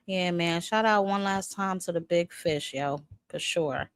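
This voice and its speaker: A woman's voice: lowish voice, unhurried, very noisy. Chatty woman hosting a boxing live stream. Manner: chatty, greets chat viewers by name, playful teasing; filler-heavy with many restarts. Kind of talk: casual live stream commentary.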